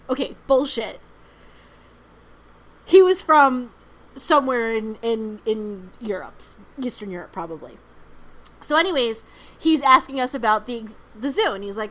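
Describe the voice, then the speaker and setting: Chatty woman with a slightly high voice. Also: animated, measured pace, pauses often, a bit bright, low-quality recording. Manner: rambling storyteller, frequent "um" and "like", swears freely. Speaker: podcast co-host. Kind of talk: casual chat.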